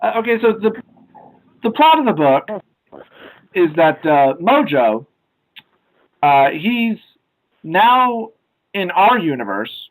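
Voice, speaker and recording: A man's voice: high voice, sing-song, slow pace, pauses often, rough recording. A young man co-hosting a casual podcast chat, rambling with many ums and uhs. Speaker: podcast co-host.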